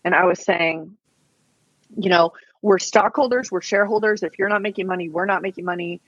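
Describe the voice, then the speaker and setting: Her lowish, husky voice moves a little fast. She's an online reseller being interviewed on a podcast, sharing her story in a relaxed, chatty way with lots of "like" and "um." The recording is dull, lo-fi and dry, without echo.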